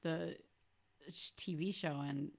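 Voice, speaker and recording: A woman co-hosts a loose conversation about a children's book. Her voice sits fairly low, and her remarks come out dry and relaxed. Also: slow pace, vocal fry. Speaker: podcast co-host. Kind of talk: casual book discussion.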